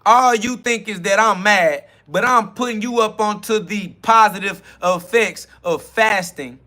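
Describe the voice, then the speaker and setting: A man with a high, bright voice delivers a spiritual self-talk monologue as a podcast host. He talks bluntly and profanely, hitting back at critics. He drags out key words to hammer them home. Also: unhurried. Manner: emphatic, drawing out key words.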